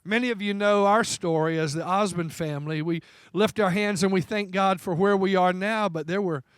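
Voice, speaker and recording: A man's voice: sits high, moderate pace, clean tone, dry recording. A man preaching a folksy, emphatic sermon in church, repeating key phrases for stress. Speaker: pastor. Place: church sanctuary.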